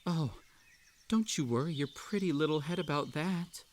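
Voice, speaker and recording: A man's voice: on the high side, normal speed, slight background noise, natural voice. A man voicing an unhinged, desperate yandere who hosts a tea party, speaking in an audio role-play in a creepy, clingy and sweetly menacing way.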